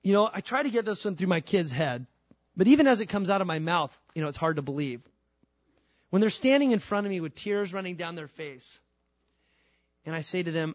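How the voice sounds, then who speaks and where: Middle-aged male preacher, high voice, lively and conversational, dry recording. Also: brisk, no room sound. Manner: animated, acts out voices of God and his kids. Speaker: pastor. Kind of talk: sermon.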